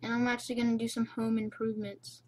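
A young woman casually commenting on her own gameplay, rambling and playful, recorded on a cheap low-quality mic. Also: completely flat delivery, fast, a little hiss or hum. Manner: rambling, playful, self-chatting. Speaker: gamer.

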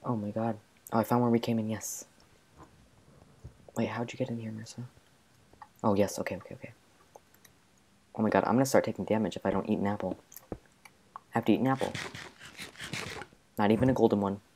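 A man narrating his own gameplay in a frantic rush, muttering orders to himself. His voice is mellow and soft-edged, with a faint hiss of noise behind it. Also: on the low side, fairly even intonation, brisk, long pauses. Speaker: gamer. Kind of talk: gameplay commentary.

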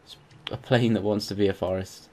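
A young man with a British accent, co-hosting a casual gameplay chat and bursting into excited shouts and laughter. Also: fairly low pitch, a little fast. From Britain. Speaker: gaming channel co-host.

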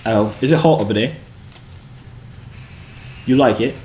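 A man's voice: medium pitch, measured pace, darkish tone. A young man chatting with strangers over a phone video app, in a goofy, teasing, rambling way. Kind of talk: casual video chat. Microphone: phone on a video chat app. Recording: echoey room, noisy video call.

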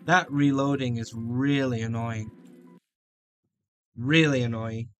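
Bright-voiced man joking through a shooter game. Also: medium pitch, a little slow, soft background music. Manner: jokey, taunts enemies, sudden shouts. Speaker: gameplay commentator. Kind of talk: let's play commentary.

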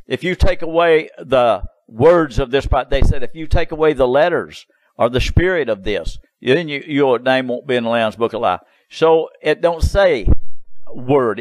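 A man's voice: on the high side, dry recording, poor audio. Insistent man preaching, dry sound. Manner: insistent, repetitive, drawling "you see" asides. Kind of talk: sermon.

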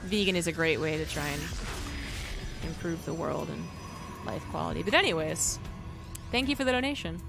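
A woman's voice: low voice, moderate pace, vocal fry, pauses often. An American woman giving casual live game commentary as a caster, rambling and correcting herself as she goes. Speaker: esports caster. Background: music.

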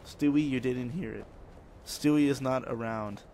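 A young man talks his way through a video game in a loose, rambling commentary, cracking jokes and muttering to himself. His voice sits at an ordinary pitch, with a faint hiss behind it. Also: normal speed, vocal fry, darkish tone. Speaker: let's play gamer. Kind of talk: casual gameplay commentary.

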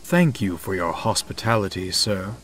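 A man voicing a deep, hoarse male engine who is formal, courteous and aloof, speaking slowly. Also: expressive, a bit bright, rough recording. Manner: courtly, polite, slow formal speech.

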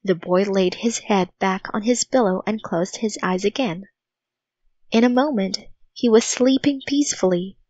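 A woman reading a children's storybook aloud in a clear, even, unhurried way, on a dull lo-fi recording. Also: medium pitch, dry recording. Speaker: narrator.

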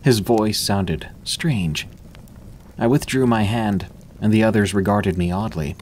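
Low-voiced man narrating horror stories. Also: measured pace, a little mellow, slight background noise. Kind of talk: scripted narration of first-person horror stories.

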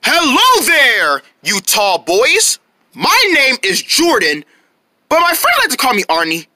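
Lady doing a tiny teen elephant, high bright voice, swoops way up and down, keeps repeating itself. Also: huge pitch swings, takes it slowly, no room sound, clean studio sound, heavily acted. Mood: cheerful. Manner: repeats itself, exasperated over its name. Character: small teenage elephant, insistent and easily flustered.

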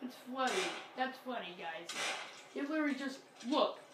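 Excitable high-voiced woman gaming. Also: moderate pace. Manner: excitable, exclaims and apologizes often. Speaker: gameplay commentator. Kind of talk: casual game commentary. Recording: roomy, distant mic, noisy game audio.

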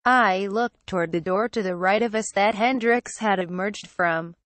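A woman tells a scary story in the first person, keeping an even, steady reading pace. Her voice sits in a middle pitch. The recording is dry and close to the mic. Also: normal speed, no room sound. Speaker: narrator. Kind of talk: scripted horror story narration.

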